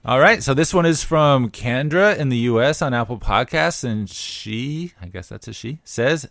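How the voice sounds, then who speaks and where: Man, podcast co-host, easygoing, chatty, middle pitch, dry sound. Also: expressive, normal speed, creaky, hardly any pauses, a bit bright, no room sound. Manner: easygoing, chatty, some fillers. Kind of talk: casual podcast chat.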